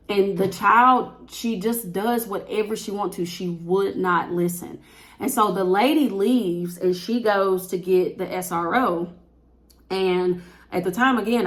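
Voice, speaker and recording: Black woman venting a teacher story, gravelly edge, big exasperated outbursts. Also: fairly low pitch. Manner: animated storytelling, acting out quotes with exasperated outbursts. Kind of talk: casual storytime vlog.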